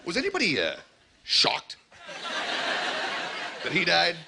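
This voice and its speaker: A Canadian man with a Canadian accent working through a stand-up comedy set in a sardonic, conversational way. His voice sits a little high for a man. Heavy noise runs under the recording. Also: huge pitch swings, slow, gravelly. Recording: loud background noise.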